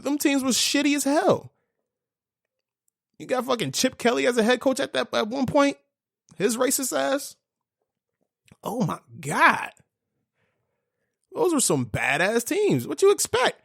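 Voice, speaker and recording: A man's voice: extremely high pitch, vocal fry, dry recording, clean studio sound. A young man hosting a casual sports podcast, talking in a fired-up, profane rant full of fillers. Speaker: podcast host.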